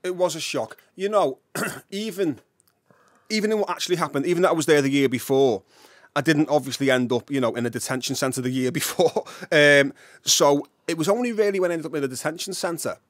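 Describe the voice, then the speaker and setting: Man, liverpool accent, podcast guest, animated storytelling, fairly high voice, dry room. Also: brisk, no room sound. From England. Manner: animated, laughs often, acts out voices in anecdotes. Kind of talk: casual storytelling interview.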